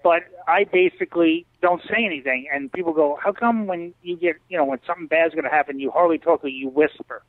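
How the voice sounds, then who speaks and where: This fairly high-pitched man speaks briskly with hardly any pauses while guesting in a casual interview over video call. He's an animated storyteller who performs other people's lines, and the sound is dry, tinny call audio without echo.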